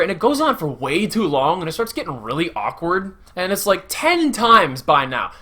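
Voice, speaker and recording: A young man giving a casual, sarcastic movie review, acting out quotes in sudden shouts. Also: a little high.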